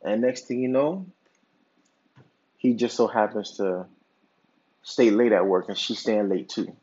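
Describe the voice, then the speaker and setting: Brief: male podcast host, slightly husky voice, casual rambling monologue, muffled low-fi recording. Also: unhurried, a little mellow. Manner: rambling, filler-heavy storytelling with many "like"s and restarts. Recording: dull lo-fi recording.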